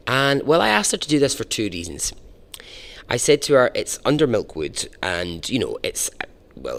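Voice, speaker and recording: Chatty podcast host with a lowish voice. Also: male voice. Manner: chatty, informal, swears casually. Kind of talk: podcast storytelling.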